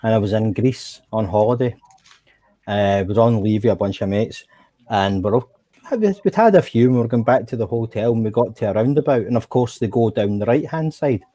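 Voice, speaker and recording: Husky man telling stories. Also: fairly low pitch, brisk, dark tone, no echo. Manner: swearing, anecdotal, laughs often. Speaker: gaming chat participant. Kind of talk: casual chat while gaming.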